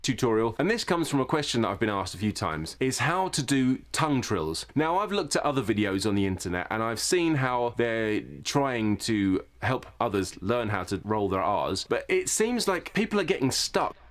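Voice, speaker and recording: A man with a British accent giving a calm, step-by-step voice tutorial from a played video. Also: medium pitch. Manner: calm, explanatory, measured. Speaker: voice coach. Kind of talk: instructional tutorial.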